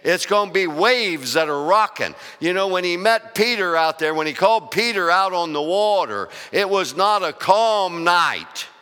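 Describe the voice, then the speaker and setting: A man's voice: high voice, expressive, normal speed, few pauses, bright, forceful tone, smooth. A male pastor preaching a sermon, asking the congregation questions and building emphasis. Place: church sanctuary. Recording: long church reverb.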